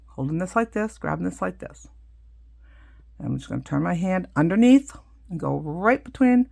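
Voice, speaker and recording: A woman's voice: on the low side, expressive, moderate pace, gravelly. A middle-aged woman casually demonstrating a craft, chatty and full of asides as she works. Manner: chatty, explains hands-on with many asides. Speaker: craft teacher.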